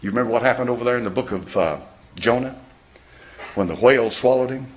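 A man's voice: medium pitch, quick pace. A man preaching a sermon in a church, firing rhetorical questions at his congregation. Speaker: pastor.

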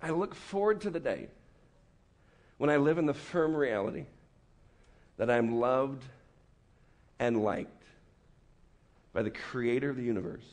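A man preaching a lively, joking sermon to a student meeting, acting out quick voices as he goes. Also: mid-range voice. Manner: animated, joking, acts out voices. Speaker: campus ministry speaker. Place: meeting room with an audience.

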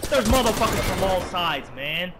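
A man's voice: high voice, expressive, moderate pace, heavy background noise. A man giving profane, raging commentary while playing a shooter game. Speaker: gaming video creator. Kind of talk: live gameplay commentary. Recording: loud game gunfire over voice.

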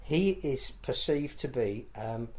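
A man co-hosting a casual sport discussion podcast, measured and thoughtful. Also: medium pitch, a little mellow, a little hiss or hum. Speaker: podcast co-host.

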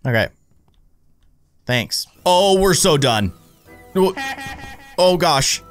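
A man in his thirties hosting a let's-play at home, excitably gasping and laughing as he comments on a scary game. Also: fairly high pitch, very slow, pauses often, soft background music. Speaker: gaming video host. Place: home with his young son nearby.

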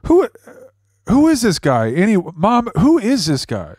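A man's voice: on the high side, lively intonation, moderate pace, dry recording, studio quality, natural voice. A man playing a panicky adult son who stammers and repeats himself during a scam-bait call. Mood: alarmed.

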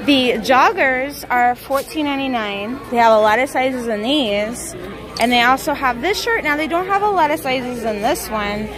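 A woman's voice: high-pitched, lively intonation, crowd noise, rough recording. A young woman on a casual shopping vlog, chatting and rattling off prices, filmed on a handheld camera in a large store. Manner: chatty, reads out prices quickly. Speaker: vlogger. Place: large store with loud music. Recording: loud store music behind.

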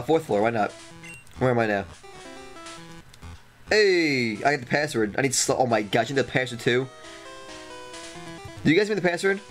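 A man giving excitable, jokey gameplay commentary as a let's play host, exclaiming and repeating himself, with faint guitar music behind. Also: a little high.

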